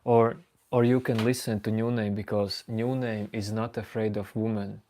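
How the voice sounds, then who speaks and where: A man's voice: fairly low pitch, level tone, moderate pace, mellow. A man hosting a late-night livestream, casually teasing and joking with his chat viewers. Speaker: livestream host.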